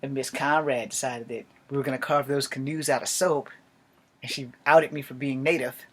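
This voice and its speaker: Young man, casual storytime, lots of swearing, mutters then bursts out loud, drops to whispers. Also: medium pitch, steady tone, normal speed, breathy edge. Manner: swearing, jokey, swings from mutters to loud outbursts. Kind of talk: casual profane storytime monologue.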